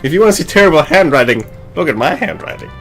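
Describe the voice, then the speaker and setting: A man's voice: fairly high pitch, expressive, quick pace, a bit bright, faint music behind. A man hosting a game playthrough, reading the text aloud with playful, rambling, mock-indignant asides. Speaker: gaming channel host.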